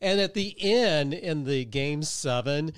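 A man's voice: a little high, lively intonation, takes it slowly, smooth, dry recording, studio quality. A man co-hosting a podcast, rambling through stories in casual chat, laughing often and poking fun at himself. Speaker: podcast co-host.

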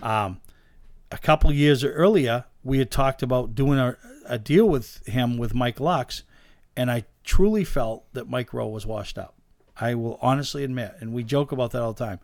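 A man, a guest telling lively stories about owning race cars in a casual chat, acting out the voices of the people in them. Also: mid-range voice, normal speed, no room sound, clean studio sound. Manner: animated anecdote teller, acts out quoted dialogue. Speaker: guest, race car owner. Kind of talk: casual storytelling in a podcast chat.

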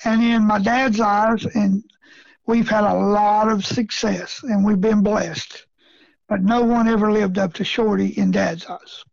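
A man's voice: high-pitched, level tone, a little slow, vocal fry, no echo. A middle-aged man telling a story in a casual interview, folksy and chuckling often, with rural grammar. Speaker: rabbit hunting guest. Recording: dull lo-fi sound.

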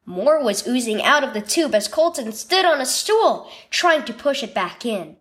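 A woman narrating a scripted children's devotional story with expressive storytelling. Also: fairly high pitch, normal speed.

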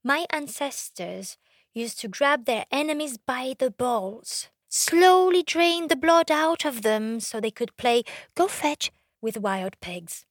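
A young woman from Brazil telling a comic story on stage. Her voice sits fairly high, and her delivery is brash, sardonic and full of swearing. The recording is dry and close. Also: animated, slow, no echo. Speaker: comedian.

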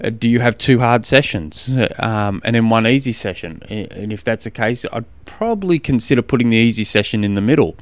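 A man's voice: fairly low pitch, animated, fairly quick, hardly any pauses, dry recording. An Australian man hosting his own podcast, talking casually and frankly in a rambling way, with frequent restarts, as he answers listener questions. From Tasmania. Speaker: podcast host and triathlon coach. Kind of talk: casual solo podcast monologue.

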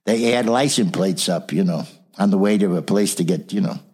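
An older man tells lively stories from his years as a motivational speaker and trainer. His voice is low and husky. He acts out the people in his anecdotes, shifting into their voices as he goes. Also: fairly quick. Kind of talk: storytelling in a casual interview.

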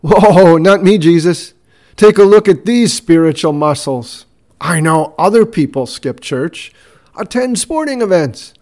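A man's voice: high voice, lively intonation, measured pace, a little mellow, pitched above the performer's own voice. A man voicing a boastful, self-righteous churchgoing man who talks eagerly and emphatically about his own piety.

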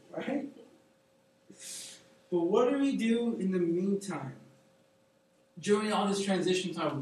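A man delivers a casual, slangy sermon, his voice sitting a little high for a man. He stands well back from the mic in a big, very echoey room. A faint noise runs underneath. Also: recorded from a distance. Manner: animated, conversational, slangy storytelling with quoted voices. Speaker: preacher.

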